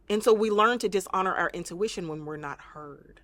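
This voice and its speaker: A woman's voice: medium pitch, a little fast, few pauses, fairly bright tone, no echo. A woman therapist guesting on an interview, talking earnestly and reflectively and sometimes acting out the voices she quotes. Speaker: trauma-focused therapist, guest.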